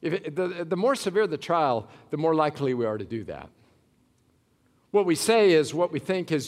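A man preaching a sermon as a pastor, dramatic, swinging from loud cries to hushed words, in a church sanctuary. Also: fairly high pitch, very animated, normal speed. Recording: long hall reverb.

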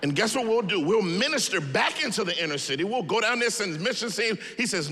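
Lively high-voiced preaching man. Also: fairly quick, long reverb tail. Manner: animated storytelling preaching with humor. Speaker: pastor. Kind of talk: sermon.

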